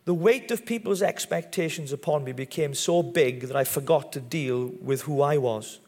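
A man's voice: a little high, moderate pace, a little mellow. Welsh man preaching in a reverberant hall. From Wales. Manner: chatty, self-deprecating storytelling with humour. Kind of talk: sermon testimony. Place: large church hall.

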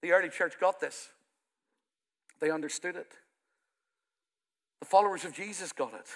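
A man from Ireland, the pastor of the church, preaching a sermon that swells loud in places and then falls to a quiet, intimate tone. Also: sits high, normal speed. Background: soft music from the church band.

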